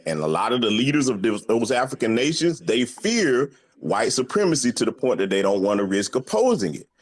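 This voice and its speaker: A man laying out an argument point by point on a discussion panel, in a rhetorical manner. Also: mid-range voice. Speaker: panel speaker.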